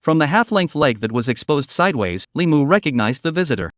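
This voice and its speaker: A man reads a fantasy comic recap as scripted narration, his voice sitting a little high and moving animatedly up and down. The recording is dry and close, with no room echo. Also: very animated, brisk.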